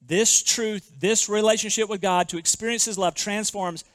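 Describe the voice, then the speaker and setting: A man's voice: high-pitched, fairly even intonation, moderate pace, fairly bright tone, no echo. A man preaching a sermon as pastor, earnest and emphatic, often repeating a word or phrase to drive it home.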